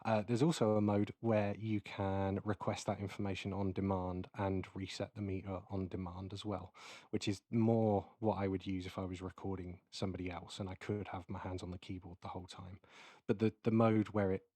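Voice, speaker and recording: A man giving a casual, explanatory keynote while demonstrating audio software, with many fillers. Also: low voice, level tone, normal speed, no echo. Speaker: keynote presenter. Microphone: close mic into recording software.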